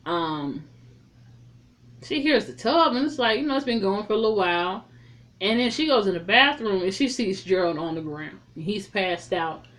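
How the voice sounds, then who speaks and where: A woman giving a casual, chatty spoken recap of a film. She retells the scenes in an animated way and swears freely. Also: mid-range voice, moderate pace. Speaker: film reviewer.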